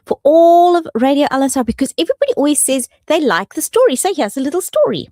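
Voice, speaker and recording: A woman's voice: high-pitched, big pitch swings, fast, a little mellow, dry recording. A woman hosting a radio show in the studio, playful and affectionate in casual chat. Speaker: radio host.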